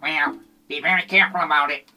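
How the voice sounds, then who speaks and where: A man voicing a fussy, bossy old Geppetto puppet who asks for a quiet song. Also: a little high, fairly even intonation, a little fast, recorded from a distance, faint music behind.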